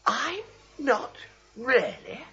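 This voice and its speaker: An actor playing a flustered young nephew who stammers, with a husky voice, in a vintage radio play. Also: male voice, very high-pitched, wildly swooping pitch, extremely slow, bright, forceful tone, soft background music, heavily acted. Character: flustered young nephew, nervous and fast-talking. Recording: muffled vintage radio broadcast.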